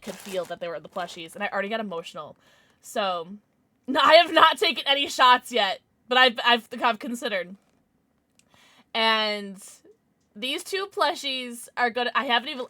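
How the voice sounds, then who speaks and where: Gushing, high-pitched young woman streamer. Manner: excitable, squealing and gushing over gifts. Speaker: livestreamer. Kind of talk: casual livestream chat.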